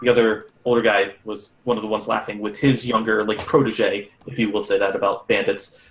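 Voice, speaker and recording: Casual profane game master, echoey room. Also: male voice, on the low side, level tone, brisk, a little hiss or hum. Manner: casual, profane, laughing narration. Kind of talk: narrating a tabletop game.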